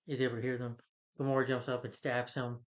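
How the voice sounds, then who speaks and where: A man's voice: mid-range voice, little pitch movement, fast talker, dull audio. A man recapping a superhero film's plot in a casual, rambling way, often restarting sentences and quoting characters in his ordinary voice. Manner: rambling, with many restarts and fillers; quotes characters in his own voice. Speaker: film reviewer.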